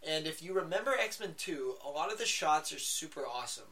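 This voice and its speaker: A man's voice: on the high side, lively intonation, fairly quick, pushed and bright. Rambling, profane man on a podcast. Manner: rambling, profane, lots of fillers and restarts. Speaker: podcast co-host. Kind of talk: casual chat. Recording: faint background noise, poor audio.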